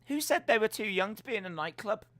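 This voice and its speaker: A British man hosting a live stream, reading viewer comments aloud and answering them with teasing, deadpan jokes. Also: high voice, quick pace, no room sound. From United Kingdom. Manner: jokey, teasing, deadpan banter.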